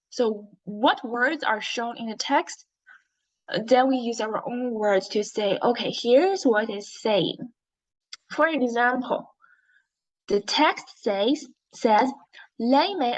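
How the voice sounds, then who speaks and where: A woman's voice: a little high, low-quality recording. A woman teaching an English reading lesson to young learners, patient and encouraging, modelling how to read with expression.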